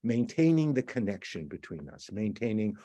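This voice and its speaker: A man's voice: on the low side, very animated, moderate pace, mellow, no echo, dull audio. A man giving a university lecture, explaining step by step, repeating words and acting out quoted messages. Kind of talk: recorded lecture.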